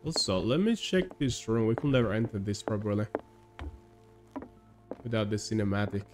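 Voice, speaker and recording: A man's voice: fairly low pitch, moderate pace, music in the background. A man streaming a game live and chatting casually, laughing often and swearing now and then. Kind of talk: live gameplay commentary.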